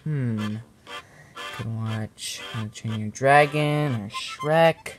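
A man's voice: mid-range voice, slow, over music. A man acting a home-made skit in a casual, mumbling way, with frequent sighs.

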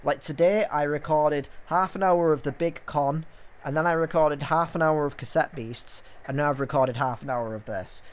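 A young man with a slightly high voice hosts a let's play on his gaming channel at a moderate pace. His chatter rambles and trails off into fillers.

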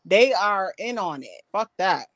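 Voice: mid-range voice, expressive, unhurried, fairly bright tone, no room sound. A livestream panelist talking angrily, asking questions and cursing freely. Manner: angry, profane, questioning. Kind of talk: casual heated chat.

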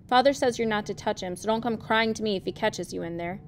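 A woman reading aloud, voicing a weary, stern farm mother in a low, subdued voice. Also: fast, a little hiss or hum, close to an everyday voice.

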